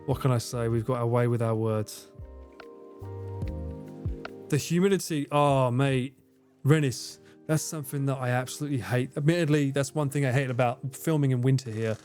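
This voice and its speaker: His voice is medium in pitch with a darkish tone and moderate pace, over soft background music. He's a British man in his forties hosting a livestream from home with the AC running, casually going through viewer comments, cursing freely and laughing a lot.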